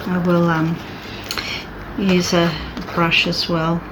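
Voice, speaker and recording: A woman's voice: fairly low pitch, completely flat delivery, slow, background noise. A woman artist chatting casually and thinking aloud as she sketches and paints. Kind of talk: casual chat while drawing.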